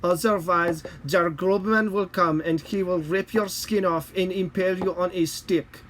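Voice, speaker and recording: A man voicing a stern German parent who threatens a child with gruesome warnings, in a mock German accent, raised above his own pitch. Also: steady tone, measured pace, a bit bright, a little hiss or hum. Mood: menacing.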